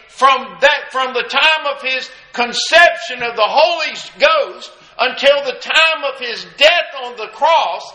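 A man's voice: very high-pitched, pushed and bright, echoey room, low-quality recording. A man preaching a sermon, impassioned and repetitive, with emphatic refrains and many restarts.

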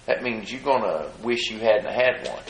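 A man preaching a sermon. He reads scripture in a measured cadence and asks the congregation folksy rhetorical questions. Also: lowish voice, lively intonation. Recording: echoey room.

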